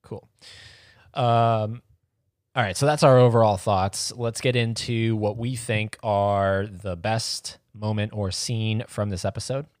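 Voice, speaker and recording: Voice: mid-range voice, steady tone, takes it slowly, a little mellow, no echo, studio quality. A co-host in a casual TV episode review chat who rambles a little and moves the talk from one segment to the next. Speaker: podcast co-host.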